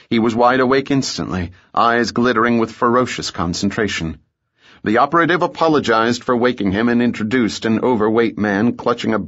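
A man narrating an audiobook in a measured, steady storytelling manner. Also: fairly low pitch, highs cut off. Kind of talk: scripted narration.

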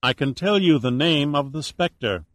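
A man reading the lines of a confident male investigator in an audiobook, measured and matter-of-fact. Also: on the high side, animated, fairly bright tone, no echo, clean studio sound.

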